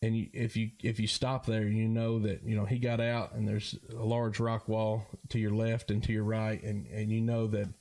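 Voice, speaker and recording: A man talks as a guest in a relaxed interview, his voice low and mellow. He stops and restarts often and fills the gaps with "uh" and "you know.". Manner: halting, many fillers and restarts. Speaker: guest, board member of a first-responder charity ride. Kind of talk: casual interview talk.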